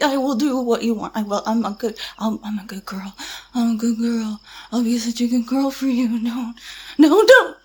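Woman doing a scared young woman begging at gunpoint, high voice, stammery, whispery then teary. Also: a little mellow, slightly rough.

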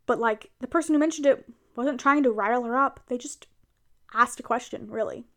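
A young woman talks straight to her partner in a casual role-play monologue, fairly high in pitch. She sounds chatty and animated as she vents about her day. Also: fairly quick. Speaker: audio role-play performer.

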